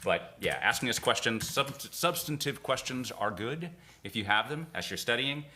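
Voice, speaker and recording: A man's voice: medium pitch, lively intonation, normal speed, sharp tone, slight background noise. A man co-hosting a casual live Q&A, reading viewer questions out of the chat with wry, teasing banter.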